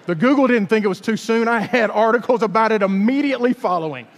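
High-voiced man preaching in a reverberant hall. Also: quick pace. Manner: humorous, self-deprecating storytelling. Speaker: pastor. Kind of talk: storytelling sermon.

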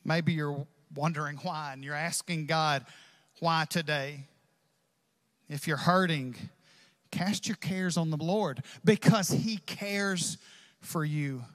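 A man's voice: fairly high pitch, slow, in a large hall. A man preaching a sermon as pastor, impassioned and acting out prayers and quotes.

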